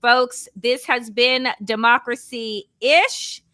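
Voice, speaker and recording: A woman's voice: on the high side, drawn-out words, no echo. A woman hosting a political talk show, signing off with effusive thanks to viewers and her co-host. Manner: warm, effusive sign-off. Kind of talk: casual chat, show sign-off.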